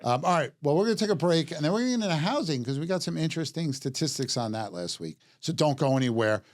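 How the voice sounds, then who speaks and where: A man hosting a casual market talk show, joking in quick upbeat asides. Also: fairly high pitch, sing-song, dry recording. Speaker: podcast host. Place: studio.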